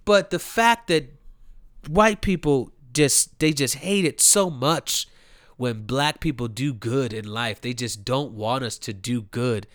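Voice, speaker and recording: A man's voice: mid-range voice, slow pace, a bit bright, no room sound. Heated, ranting young man, dry close sound. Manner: heated, mocking, emphatic with repeated phrases. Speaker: commentary host. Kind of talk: profane ranting commentary.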